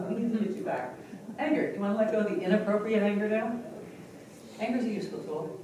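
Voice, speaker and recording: A woman's voice: medium pitch, fast. Woman presenter in an echoey hall. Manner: expressive and conversational. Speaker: hypnotherapy presenter. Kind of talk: live teaching demonstration. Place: large conference hall. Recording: echoey hall from far off with noise.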